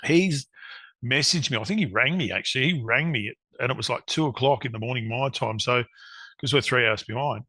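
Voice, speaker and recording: Bright-voiced Australian man telling stories. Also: medium pitch, brisk, husky, no room sound. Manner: rambling storyteller, acts out quotes. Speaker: guest, hunting cook. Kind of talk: casual podcast chat.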